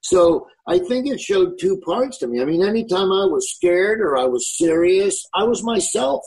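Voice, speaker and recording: A man's voice: high voice, expressive, normal speed, a little mellow, rough recording. A man in his sixties with a Southern US accent, a comedian telling rambling stories in a casual interview. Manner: easygoing, rambling storyteller. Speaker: comedian guest.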